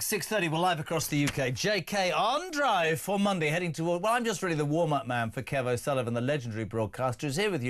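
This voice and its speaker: A man hosts a live phone-in from a radio studio, rattling through listener texts with brash, joking asides. His voice sits a little high for a man, close on a studio microphone. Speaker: radio talk show host.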